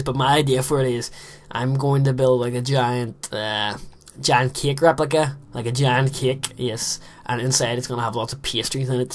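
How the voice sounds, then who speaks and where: A teenage boy with a Northern Irish accent, rambling in casual chat while commentating his own game play. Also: mid-range voice. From Northern Ireland. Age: teens. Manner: rambling, chatty, many fillers. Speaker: let's play host.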